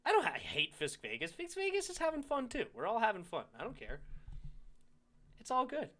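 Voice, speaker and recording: A man hosting a casual sports talk show, animated and reacting to a rival's clip. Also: very high-pitched, brisk. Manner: animated, swings from heated to sheepish. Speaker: sports talk channel host.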